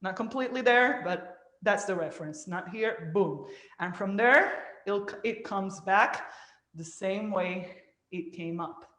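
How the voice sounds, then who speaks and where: A woman teaching a dance class, cueing moves and counting out loud as she demonstrates. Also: medium pitch, measured pace, echoey room. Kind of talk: live online dance class instruction.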